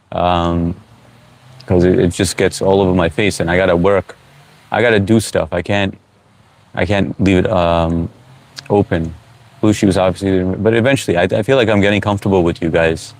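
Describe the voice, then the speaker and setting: A middle-aged man from the United States hosting a live stream, chatting casually and reading out viewer comments with frequent fillers. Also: deep voice. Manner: relaxed, reads out chat comments, frequent uh fillers. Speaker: livestream host.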